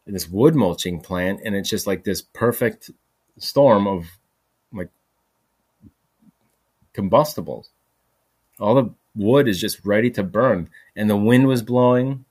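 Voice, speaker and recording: A man hosting a solo podcast, rambling casually with lots of "freaking" and "like". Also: fairly low pitch. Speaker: podcast host. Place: home recording, voice message.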